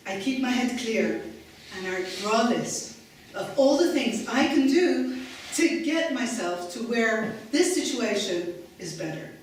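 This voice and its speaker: A woman's voice: on the high side, slight background noise. A woman doing her spirited ninety-two-year-old aunt. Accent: slight foreign accent. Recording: echoey hall from far off.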